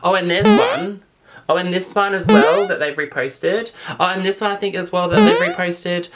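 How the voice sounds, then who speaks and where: An Australian man chatting excitedly to camera as a makeup vlogger, gushing over products. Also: high voice, normal speed, over loud music. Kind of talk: casual chat to camera.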